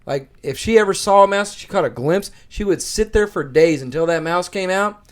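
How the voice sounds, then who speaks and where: A man's voice: high-pitched, animated, moderate pace. A man co-hosting a podcast in casual, teasing banter. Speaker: podcast co-host. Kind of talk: casual chat.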